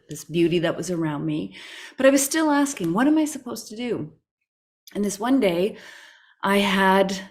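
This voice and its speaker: A woman who is a podcast guest, telling a personal story in an expressive way, with frequent restarts and self-corrections. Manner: expressive, with sudden rises in pitch when recounting stress.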